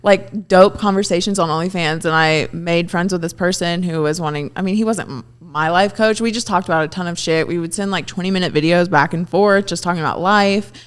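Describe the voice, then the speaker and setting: A woman's voice: on the low side, brisk, few pauses, clear, resonant tone. A woman co-hosting a podcast in candid casual chat, open and laughing, who swears freely. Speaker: podcast co-host.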